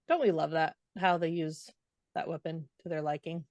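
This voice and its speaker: A woman's voice: low-pitched, fairly even intonation, normal speed, darkish tone, dry recording, clean studio sound. A woman co-hosting a podcast, casually retelling a book's chapters in a chatty, loose way with lots of fillers. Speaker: podcast co-host. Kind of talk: casual book recap.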